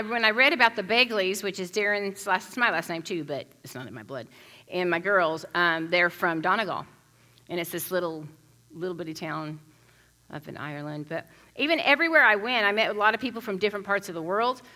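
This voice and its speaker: A woman from the United States giving a conversational sermon, animated and chatty, telling stories with frequent restarts. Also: medium pitch. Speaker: pastor.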